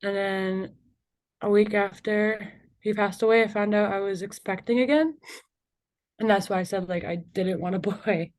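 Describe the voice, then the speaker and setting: As an interview guest, a young woman with a medium-pitched, steady, slightly mellow voice recounts a personal story. Her delivery is halting, peppered with "like" and "you know," and broken by nervous laughter around emotional moments.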